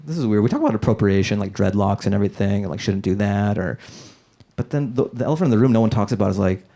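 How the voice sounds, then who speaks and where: A man's voice: fairly low pitch, lively intonation, fast talker, vocal fry, warm tone. A man doing stand-up comedy, trying out new material in a loose, rambling way on a comedy club stage. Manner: loose, rambling, full of "like" fillers. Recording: live comedy club with crowd laughter.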